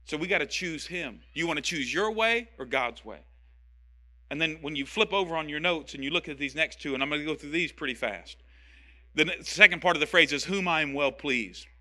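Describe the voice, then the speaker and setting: A man delivers a sermon in a high register with an intensely tense, cutting tone. He preaches with passion and emphasis, circling back over the same phrases to drive them home. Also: lively intonation, brisk, bright, forceful tone. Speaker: pastor.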